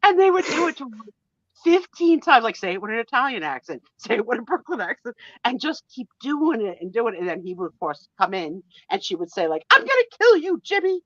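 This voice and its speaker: Chatty, animated woman in her sixties. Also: on the high side, brisk, no echo, muffled recording. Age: 60s. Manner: chatty and animated, laughs easily. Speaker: host. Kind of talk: casual live-stream chat.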